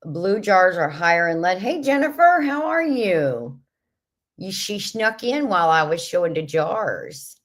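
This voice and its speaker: A woman with a low voice hosts a relaxed livestream chat from her home. She speaks slowly and warmly to her viewers, reads their comments aloud, and gushes over the vintage jars she is showing. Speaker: livestream host.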